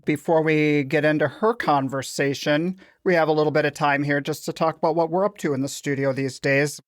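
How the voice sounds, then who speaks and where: A man hosting a podcast in casual chat, relaxed and joking. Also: a little high, a little fast, no room sound, studio quality. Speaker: podcast host.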